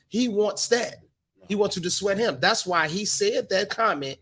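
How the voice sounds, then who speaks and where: A man with a notably high voice for a man, talking frankly and with plenty of swearing. He acts out what people say as he chats casually with friends on a podcast. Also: brisk, fairly bright tone. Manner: frank, profane, acts out quotes. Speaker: podcast co-host. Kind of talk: casual chat. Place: bar on location.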